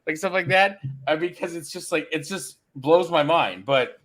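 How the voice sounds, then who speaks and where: Middle-aged male podcast host, casual and rambling, stops and restarts often, a bit high-pitched. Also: normal speed, fairly bright tone. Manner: rambling, self-interrupting storyteller. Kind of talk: casual chat.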